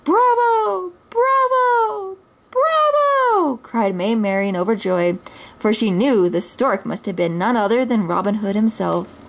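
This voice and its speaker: Woman reading a kids' story aloud, expressive, occasional stumbles, mid pitch. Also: normal speed, a little hiss or hum. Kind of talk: children's story read aloud.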